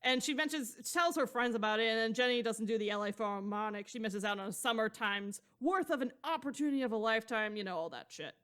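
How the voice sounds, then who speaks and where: A woman's voice: fairly high pitch, fast, few pauses, fairly bright tone, clear, resonant tone. A woman co-hosting a podcast, recapping a novel in a loose, rambling way with plenty of fillers and casual swearing. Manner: rambling, loose and profane, heavy on fillers like "blah, blah". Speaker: podcast co-host. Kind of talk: casual chat recapping a book.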